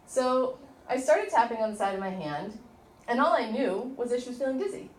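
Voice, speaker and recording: A middle-aged woman teaching an informal workshop, chatty and animated as she tells stories to the group. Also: fairly high pitch, brisk, slight background noise. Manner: chatty, storytelling, animated asides. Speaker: tapping instructor. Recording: echoey room from a distant mic.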